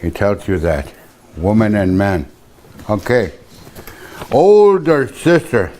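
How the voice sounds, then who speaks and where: An older man teaching words of his language in a casual, hesitant way, repeating terms slowly with many pauses. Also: lowish voice, huge pitch swings, darkish tone. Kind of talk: teaching vocabulary, casual and halting.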